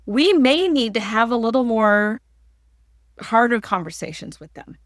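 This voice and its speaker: A woman guest on a podcast, calmly giving practical workplace advice. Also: on the high side, unhurried, no echo, studio quality. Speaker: podcast guest, leadership expert. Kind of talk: advice-giving interview talk.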